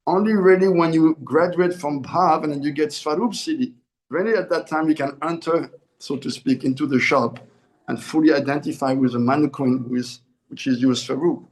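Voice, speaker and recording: Earnest swami man, fairly high voice. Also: normal speed. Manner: earnest, repeats and corrects himself mid-phrase. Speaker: swami giving a spiritual discourse. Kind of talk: sermon.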